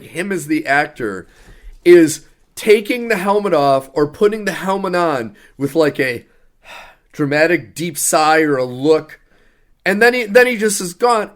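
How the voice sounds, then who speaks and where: Ranting, exasperated podcast co-host, a man. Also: high voice. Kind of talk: casual podcast movie review.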